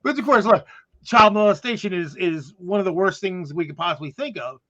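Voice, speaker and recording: High-voiced rambling man on a lo-fi mic. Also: brisk, fairly bright tone. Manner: rambling storyteller, many restarts and fillers. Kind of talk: casual group chat. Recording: dull lo-fi sound.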